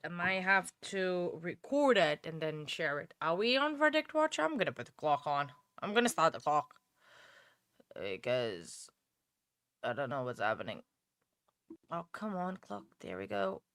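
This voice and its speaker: A woman streamer chatting to her viewers in a bright, sharp voice. She thinks aloud, trails off and restarts her sentences, and fills gaps with ums and uhs. The sound is close and dry, with no room around it. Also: low voice, expressive, a little slow, clear, resonant tone, dry recording. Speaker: livestream host. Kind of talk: casual live-stream commentary.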